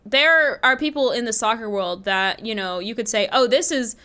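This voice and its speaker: A woman co-hosting a podcast in casual chat, telling stories in an animated way and swearing often. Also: a little high, moderate pace, clean tone. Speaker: podcast co-host.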